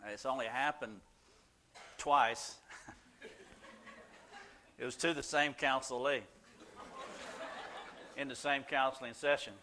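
A man's voice: medium pitch, fairly even intonation, slow, pauses often, sharp tone, slight background noise. An older man, a Christian counselor, telling folksy, self-deprecating stories to a small group in a casual way, with many "uh" fillers. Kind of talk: casual storytelling talk.

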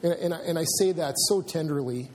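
A man preaching to his congregation in a slightly high voice, earnest and a little halting, often stopping to restart a thought. A faint hum of the room sits under his words. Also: darkish tone. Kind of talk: sermon. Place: church sanctuary.

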